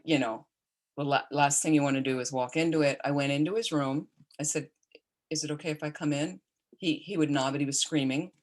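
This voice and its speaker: A middle-aged woman, a Buddhist nun, giving a calm, conversational dharma talk with personal stories. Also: extremely low pitch. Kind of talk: dharma talk on caring for the dying.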